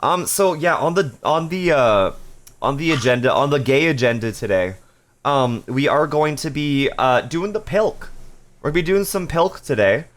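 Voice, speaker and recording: A man's voice: fairly high pitch, expressive, moderate pace. A man casually chatting on a live stream, reading viewer messages aloud with playful jokes and frequent laughter. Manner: laughs often.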